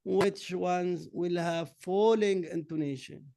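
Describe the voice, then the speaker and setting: High-voiced Egyptian teacher drilling slowly. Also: male voice, fairly even intonation, gravelly, dark tone, dry recording. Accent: Egyptian Arabic. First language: Arabic. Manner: slow, drilling answers word by word. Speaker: English teacher. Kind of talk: classroom lesson mixing Arabic and English.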